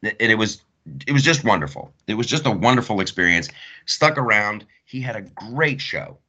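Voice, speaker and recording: A fairly low-voiced male comedian rambles through a casual monologue, repeating lines for effect. His delivery swings widely in pitch and has a bright, forceful edge. The audio sounds a little dull and lo-fi. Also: moderate pace. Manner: rambling, repeats himself, animated storytelling. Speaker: podcast host and stand-up comedian.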